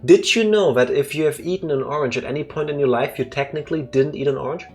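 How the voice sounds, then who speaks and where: A man's voice: a little high, fast, over music. A man co-hosting a game let's play, chatting casually with playful, teasing jokes and wordplay. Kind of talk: casual joking commentary.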